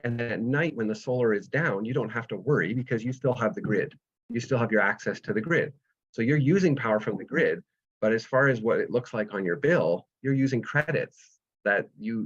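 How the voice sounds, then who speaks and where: A man with a lowish voice walks through how things work in a patient, step-by-step way, leaning on everyday analogies. His voice comes over a video call, and the audio is dull and lo-fi. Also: moderate pace. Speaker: solar energy presenter. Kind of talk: explanatory webinar talk.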